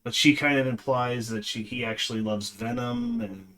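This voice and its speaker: A man's voice: medium pitch, big pitch swings, normal speed, gravelly, pushed and bright. A man reviewing a movie in a casual, rambling way, with lots of fillers and a dismissive tone.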